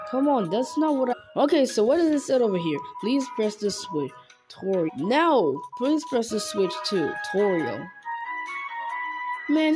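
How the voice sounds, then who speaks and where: Woman casually narrating a game playthrough. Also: sits high. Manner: reads on-screen text aloud, stumbling over words. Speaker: gamer. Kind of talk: casual let's-play commentary.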